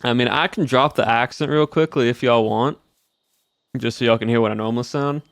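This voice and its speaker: A man's voice: mid-range voice, fairly even intonation, a little fast, no echo. A game streamer chatting casually with viewers in a put-on Southern US drawl, easygoing as he plays. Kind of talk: casual live-stream chat while playing.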